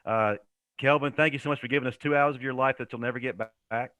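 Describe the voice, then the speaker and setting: Upbeat host, dry sound. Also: male voice, medium pitch, fairly even intonation, fast, fairly bright tone, no room sound. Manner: laughing, enthusiastic. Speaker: show host. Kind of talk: casual chat.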